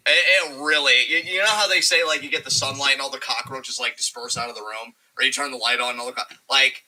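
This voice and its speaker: Man, podcast co-host, rambling casual chat, wry and profane, very bright sharp tone. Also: mid-range voice, low-quality recording.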